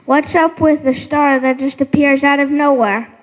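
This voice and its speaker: A woman plays a villager in a church pageant, reasoning earnestly. Her voice is high and rings through a reverberant sanctuary. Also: fairly even intonation, normal speed.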